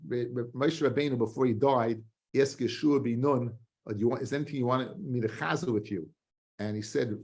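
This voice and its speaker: A man teaching a Talmud lesson, reading the text aloud and explaining it in quick, restarting spoken English. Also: mid-range voice, gravelly. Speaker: rabbi teaching daily Talmud page. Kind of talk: Talmud lecture.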